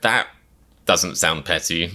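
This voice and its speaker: A man's voice: sits low, slow pace, loud music behind the voice. A man giving casual reaction commentary as a comedian, chatty and wry, with lots of fillers and self-mocking asides.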